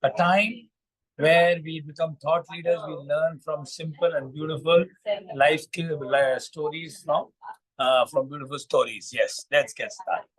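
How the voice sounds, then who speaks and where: A man hosting a morning vlog, narrating a moral fable in a halting way with many fillers and repeats. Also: fairly high pitch, steady tone, poor audio. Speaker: vlog storyteller.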